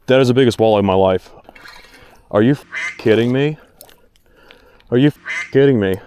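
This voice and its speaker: A man's voice: medium pitch, moderate pace, long pauses, mellow, a little hiss or hum. A man filming himself fishing from a boat outdoors, talking to the camera and exclaiming and repeating himself as he goes. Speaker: fishing vlogger. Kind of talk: excited on-the-water commentary.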